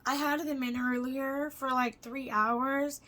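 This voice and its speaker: In this casual personal vlog, a young woman speaks slowly in a high, pushed, bright voice with fairly even intonation. She rambles on, curses often, and leans heavily on fillers.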